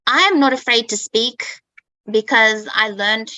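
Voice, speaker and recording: Hosting a relaxed online English class, a woman raised in Australia talks slowly in a sharp voice on the high side. She is emphatic, says things more than once, and keeps checking "okay?", all on a low-quality recording with no echo.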